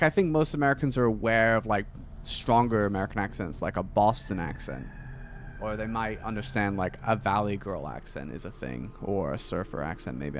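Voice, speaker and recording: Slight background noise accompanies a man's lowish voice. While playing a video game, this streamer chats casually and rambles, with plenty of fillers and false starts.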